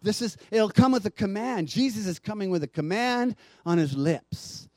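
A pastor delivering a sermon in a fairly high voice, swinging between hushed, intimate passages and loud, emphatic declarations. He calls out to his congregation for responses. The sound is dry, with no room reverb. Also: animated, normal speed, few pauses.

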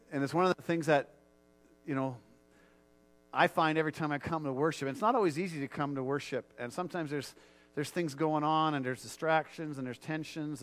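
A man preaching a sermon as pastor and leading a prayer, earnest and repetitive, often restarting his sentences. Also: a little high.

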